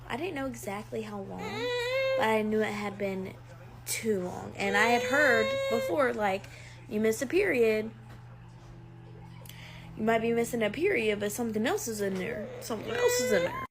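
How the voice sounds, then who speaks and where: A woman's voice: mid-range voice, lively intonation, moderate pace. A young woman telling a dramatic personal story in a chatty, casual way, with lots of fillers.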